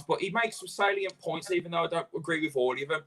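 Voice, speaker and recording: A man's voice: a little high, quick pace, fairly bright tone. A man hosting a live stream, ranting animatedly in casual chat and swearing freely. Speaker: host.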